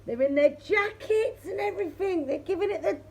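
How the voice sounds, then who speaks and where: A woman's voice: very high voice, a little fast, a little mellow. A woman tarot reader chatting casually to her viewers, laughing often and talking straight to the audience. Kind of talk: casual tarot reading chat.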